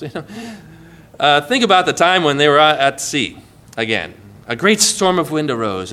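A man delivers a sermon in a high, bright voice. He talks conversationally, drops in small asides, and briefly acts out the lines he quotes. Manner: expressive, acts out quoted lines with shifts in volume and pace; warm, conversational asides with light laughs. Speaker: preacher.

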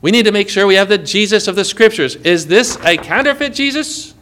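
High, bright-voiced man preaching. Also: brisk. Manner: animated preaching, asks the congregation questions. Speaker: pastor. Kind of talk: sermon.

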